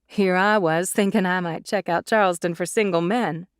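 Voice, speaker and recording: A woman voicing a serious Southern woman recruit with a slow drawl and a Southern US accent. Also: lowish voice, steady tone, clear, resonant tone, dry recording, studio quality, lightly acted. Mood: wry.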